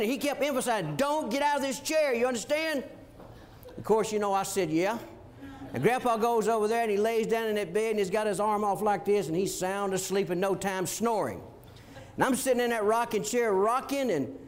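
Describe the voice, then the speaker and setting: High-voiced man telling a story. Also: slight background noise. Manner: animated, chuckling storyteller. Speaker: minister. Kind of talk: storytelling testimony.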